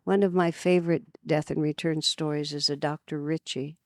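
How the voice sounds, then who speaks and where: A woman from California giving an earnest spiritual talk at a retreat, telling stories with lively emphasis. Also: low-pitched, moderate pace, no room sound, studio quality. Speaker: spiritual teacher. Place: retreat gathering.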